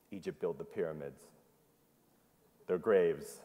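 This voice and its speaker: A deep, dark-toned male voice swings hugely in pitch, unhurried and with long pauses. He preaches interactively in a church sanctuary, repeating the congregation's answers and telling the story with animation. The hall's reverb is long.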